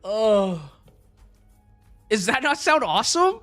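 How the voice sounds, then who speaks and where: A man's voice: high voice, big pitch swings, takes it slowly, fairly bright tone, soft background music. A young man streaming, chatting casually and rambling with lots of fillers, joking and answering his chat.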